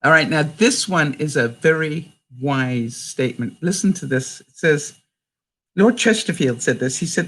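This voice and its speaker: An older woman from Canada talks straight to her viewers in a relaxed, chatty way. Her pitch rises and falls a lot as she goes. She often laughs between lines and reads out old sayings. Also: normal speed. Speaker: vlogger. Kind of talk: casual chat to viewers.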